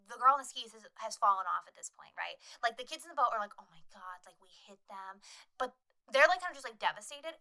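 A woman co-hosting a podcast, recapping a horror movie in casual chat, swearing often and acting out scenes in quick voices. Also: a little high, sharp tone. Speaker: podcast co-host.

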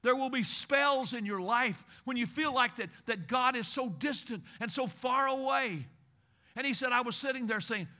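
A man from Kentucky preaching a sermon in a high, ringing voice. He builds to loud, urgent exhortation, then falls to a hushed, intimate tone. He repeats key phrases to drive them home. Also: normal speed. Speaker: pastor.

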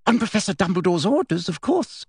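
A woman reading a book aloud performs a grasping, sugary official with a high, pointed voice. She presses and pounces on each answer with harsh eagerness, recorded close and dry. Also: very animated, a little fast, darkish tone, slightly rough, no room sound, heavily acted. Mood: eager, demanding. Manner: eager, shrill, harsh questioning. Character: sugary, grasping female official, middle-aged. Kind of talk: dramatic reading.

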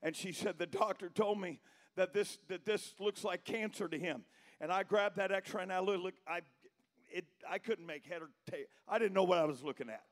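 A middle-aged man preaching a sermon as pastor, telling a story that builds into shouted preaching. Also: high voice, normal speed.

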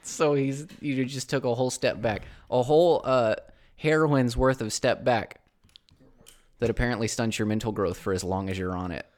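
A man's voice: medium pitch, normal speed, a little mellow. Wry man in casual podcast banter. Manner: wry, joking, puts on silly accents. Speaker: podcast co-host. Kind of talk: casual chat.

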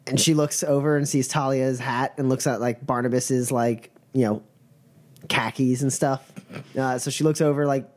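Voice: medium pitch, fairly even intonation, moderate pace, a little mellow. A game master narrating a tabletop game, hesitant and full of fillers.

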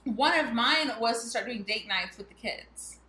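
Bright, chatty mom in a roomy space. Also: female voice, on the high side, lively intonation, normal speed. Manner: chatty storyteller, laughs often. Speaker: podcast co-host. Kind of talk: casual chat.

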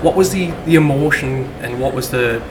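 A man's voice: mid-range voice, normal speed, noisy background. A man with a Geordie accent hosting a casual podcast interview, eager and stumbling over restarts as he asks his questions. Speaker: podcast host.

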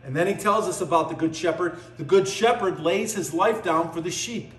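A man's voice: sits high, moderate pace, a bit bright. A man preaching a sermon, stressing his points by repeating phrases. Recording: echoey room with faint music.

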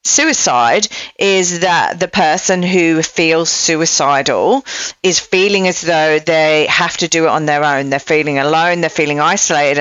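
A woman hosting a podcast interview, speaking in a thoughtful, measured way. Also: fairly low pitch, fairly bright tone, clean tone, dry recording. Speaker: podcast host. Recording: dull dry podcast audio.

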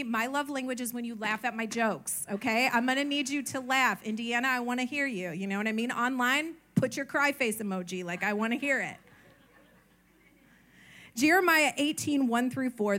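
A woman's voice: on the high side, a bit bright. A woman preaching a sermon at a church service, chatty and playful, often calling on the congregation to answer her.

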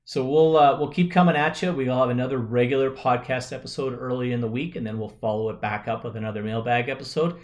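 A man with a raspy, hoarse voice hosting a solo podcast and answering listener mail in a relaxed, conversational way. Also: mid-range voice, fast, hardly any pauses. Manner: relaxed and conversational, thinking aloud with fillers. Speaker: podcast host.

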